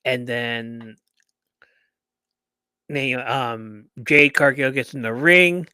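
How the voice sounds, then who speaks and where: A man hosting a podcast who recaps a wrestling match like a lively story. He acts out what others said and swears casually, at an easy, unhurried pace. The sound is dry and close. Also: mid-range voice, clean tone, no echo. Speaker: podcast host.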